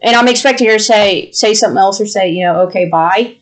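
A woman's voice: medium pitch, fast talker, a little hiss or hum. Exasperated young woman telling a story. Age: young adult. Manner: exasperated, animated retelling with mimicked quotes. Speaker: podcast co-host. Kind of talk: casual storytelling chat.

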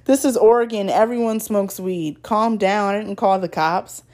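A woman's voice: mid-range voice, moderate pace, darkish tone, close to an everyday voice. Woman doing a blunt, teasing male mechanic. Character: joking, blunt male mechanic, grown man.

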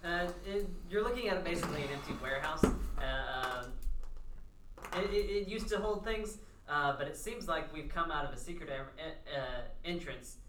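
A player in a tabletop game talking casually, halting often with fillers. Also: mid-range voice, expressive. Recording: roomy, distant, faint noise.

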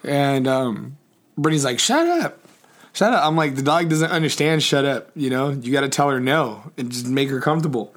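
A young man talking loosely to the camera, stacking ums and likes and restarting sentences as he goes. He swears freely and easily. His voice sits at an ordinary, middling pitch. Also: fairly even intonation, a little fast. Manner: rambling, swears freely, many fillers and restarts. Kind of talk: casual personal vlog chat.

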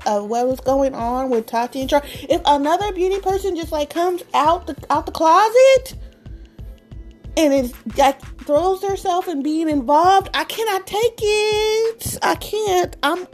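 A woman's voice: high-pitched, a little mellow. A woman vlogging in a casual chat, dramatic and exasperated, repeating herself and laughing often as she talks. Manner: laughs often while talking.

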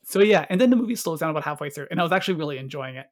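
Fairly high-pitched and rapid-fire, this male movie reviewer chats on a podcast with lively intonation. His talk about the movie wanders, he interrupts himself, and he performs quoted lines.

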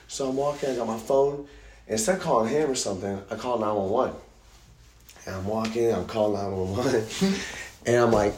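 Man, casual storyteller, rambling, swears a lot, lowish voice, roomy echo. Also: fairly quick, slight background noise. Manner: profane, rambling, animated when telling stories. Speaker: podcast host.

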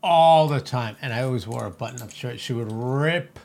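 A man co-hosting a podcast, telling stories bluntly and swearing casually, often letting his voice drop low. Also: moderate pace, darkish tone. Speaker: podcast co-host. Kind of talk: casual chat.

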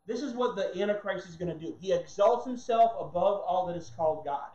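A man's voice: high voice, lively intonation, a little fast, hardly any pauses, mellow. A man preaching a sermon in a heated, mocking way, sometimes acting out other people's voices. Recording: roomy, dull lo-fi sound.

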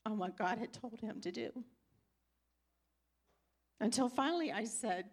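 Older woman, church teaching, personal anecdotes, lively retelling, acted-out reactions. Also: fairly high pitch, unhurried, long pauses, breathy edge. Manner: personal storytelling, acts out her own reactions. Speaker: pastor's wife teaching.

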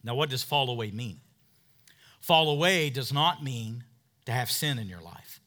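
A man in his thirties preaching a sermon as pastor, emphatic, calling out for amens from the congregation and swinging from quiet asides to loud, driving points. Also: medium pitch, expressive, a little slow.

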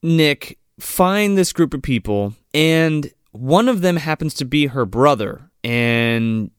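Brief: excitable male podcaster, profane movie recaps, dry mic. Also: a little high, takes it slowly, clean tone, no room sound. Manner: animated, profane, mimics characters. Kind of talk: casual movie riff chat.

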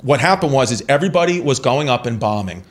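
A man's voice: mid-range voice, fast talker. A man in his thirties, a comedian guest, telling rambling, profane stories in casual podcast talk. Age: 30s. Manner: animated, profane, rambling anecdotes.

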